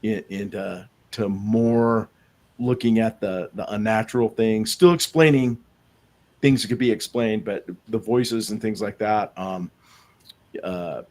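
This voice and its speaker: A man's voice: fairly low pitch, fairly even intonation, unhurried, a little mellow. A man who investigates the paranormal, telling rambling anecdotes in a casual podcast chat, with many restarts. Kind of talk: casual storytelling in a podcast interview.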